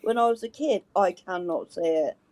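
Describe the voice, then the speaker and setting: A woman's voice: mid-range voice, fairly quick, a little mellow. A woman chatting casually on a live stream, talking hesitantly and earnestly. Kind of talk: casual chat. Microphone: online stream mic.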